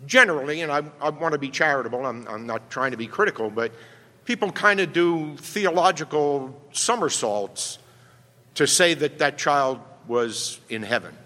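A man's voice: on the high side, animated, measured pace, pushed and bright. A male pastor preaching a sermon emphatically, often checking in with "right?". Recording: long reverb from a hall.

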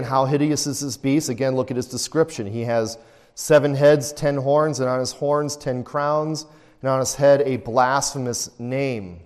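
A man teaching a Bible study at a middle pitch, in a relaxed, conversational manner. He keeps turning to his listeners with rhetorical questions. His voice rings with the long reverb of a large room.

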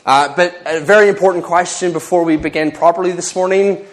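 A man reading scripture aloud in church at a steady pace, with small slips and restarts before the sermon begins. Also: sits high, a little fast. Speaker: scripture reader.

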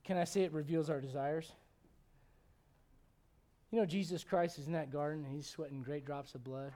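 A middle-aged male pastor preaches with a high-pitched voice, joking and asking question after question. He swings from quiet, low musings to loud, rising points. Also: steady tone, moderate pace, long pauses. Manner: humorous, many rhetorical questions. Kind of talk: sermon.

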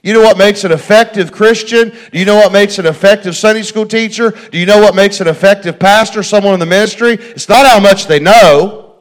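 A man's voice: high voice, fairly quick. A middle-aged man preaching a folksy sermon, repeating phrases and talking straight to his congregation. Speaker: pastor.

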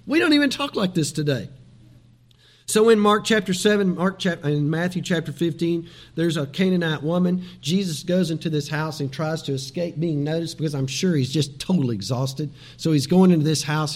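A high-pitched middle-aged man preaching a sermon. He tells stories with animation, dropping into soft asides and rising into loud, pleading lines. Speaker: pastor.

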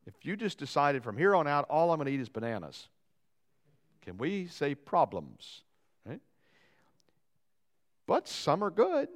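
A pastor preaching a sermon in a church, with folksy jokes and asides to the congregation and a delivery that swings from loud to quiet. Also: male voice, a little high, huge pitch swings, measured pace, pauses often. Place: church sanctuary.

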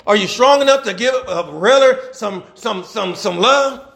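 This middle-aged preacher's voice sits high, creaky and a little slow. His folksy, animated sermon features rhetorical questions to the congregation, call and response, and laughter between points.

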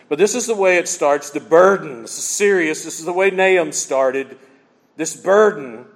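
A male pastor preaching in a church, telling stories that fall quiet and then swell with emphasis. His voice sits on the high side. A long hall reverb trails his words. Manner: storytelling, dropping soft then rising emphatic. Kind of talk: sermon.

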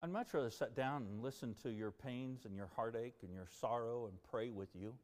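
A man preaching a sermon as pastor, earnest and animated, rising and dropping as he speaks. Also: medium pitch, a little fast, big-room sound. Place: church sanctuary.

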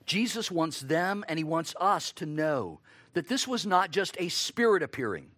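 Male preacher, sermon, animated pitch, dry sound, rhetorical questions. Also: moderate pace, no echo. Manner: expressive, acts out quoted lines.

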